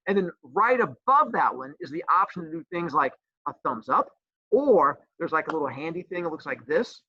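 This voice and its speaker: A man's voice: fairly high pitch, sing-song, moderate pace, bright, forceful tone, breathy edge, no echo. A man teaching a middle school class over a video call, teasing and joking. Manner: teasing, joking, self-mocking. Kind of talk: online class talk. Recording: dull, dry video-call audio.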